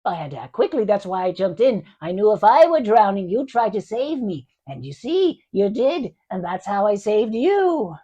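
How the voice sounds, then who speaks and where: A man doing an impression of a gentle, cheerful old male angel who talks mildly and earnestly, in a dull, muffled recording. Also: high voice, big pitch swings, normal speed, few pauses. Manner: mild, earnest, slightly fussy. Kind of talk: voice impression of a film scene.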